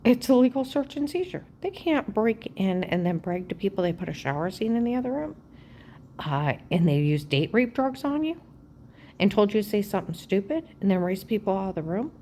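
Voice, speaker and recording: A woman talking straight at the camera in a rambling personal monologue, agitated and aggrieved, jumping from claim to claim and often dropping to a hushed, half-whispered voice. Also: mid-range voice, sing-song, a little fast, slight background noise. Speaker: vlogger.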